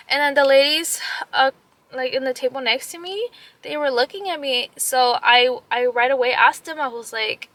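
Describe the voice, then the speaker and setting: A young woman and mother retelling an upsetting story in a casual vlog, animated, full of "like" fillers and slipping into Spanish phrases. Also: high-pitched, moderate pace, no echo. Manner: upset and emotional. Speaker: vlogger.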